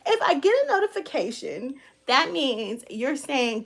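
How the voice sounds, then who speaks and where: High-voiced woman ranting bluntly. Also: slow pace, creaky, long pauses. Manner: blunt, sarcastic, profane, animated. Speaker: content creator. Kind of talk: casual storytime rant to camera.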